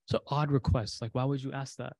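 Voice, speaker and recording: A man's voice: mid-range voice, fairly even intonation, fast talker, vocal fry, a little mellow, dry recording. A man giving a sermon, retelling a story with quoted dialogue and repeated lines for emphasis. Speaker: preacher.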